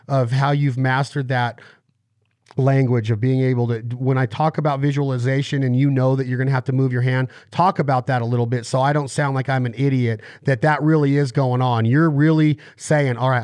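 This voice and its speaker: A man hosting a podcast, talking with eager energy and steady mid-range pitch. He leans on analogies and acts out little quotes to make his points. His voice sits close and dry on the mic, with no room sound. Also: no echo. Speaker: podcast host. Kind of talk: explanatory podcast interview.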